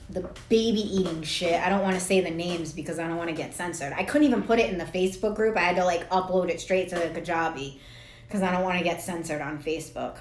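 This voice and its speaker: A woman in her thirties, a spiritual coach, rambles casually straight to camera, swearing freely and laughing at herself. Her voice is lowish and a little mellow. The room is echoey, with slight background noise.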